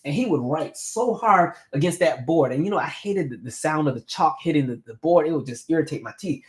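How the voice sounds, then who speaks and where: A man in his thirties hosting a casual live stream, telling animated stories and reading viewer comments aloud. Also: a little high, brisk. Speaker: host.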